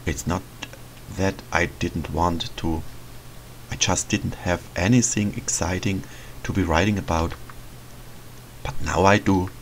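Shy scarecrow boy from a storybook horror game, voiced by a man. Low, gravelly and slow. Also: steady tone, a little hiss or hum, poor audio. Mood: earnest. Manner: timid, earnest, halting. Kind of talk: reading game dialogue aloud in a let's play.

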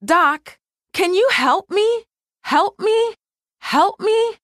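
A woman's voice: very high voice, animated, extremely slow, fairly bright tone, clean studio sound, pitched above the performer's own voice, heavily acted. A woman voicing a fretful female toy karaoke microphone that keeps repeating her words in an echoing stutter. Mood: distressed.

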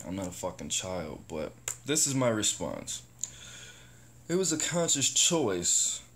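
Rambling profane man vlogging. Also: lowish voice. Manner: rambling, profane, animated bursts. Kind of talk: casual self-talk vlog.

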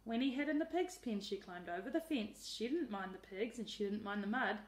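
A woman teacher reading a picture book aloud in a lively, expressive way. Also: mid-range voice, brisk. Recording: roomy echo.

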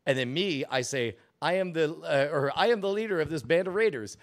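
Laughing, animated man co-hosting a chat. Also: a little high, fairly quick. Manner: laughs often while reading aloud, animated. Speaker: co-host. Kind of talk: casual podcast chat.

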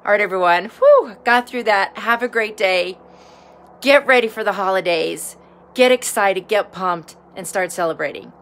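Bright-voiced woman giving an earnest pep talk. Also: mid-range voice, moderate pace. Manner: earnest, encouraging, talks to viewers directly. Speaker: vlogger sharing daily gratitude. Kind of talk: casual heartfelt self-filmed talk. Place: outdoors.

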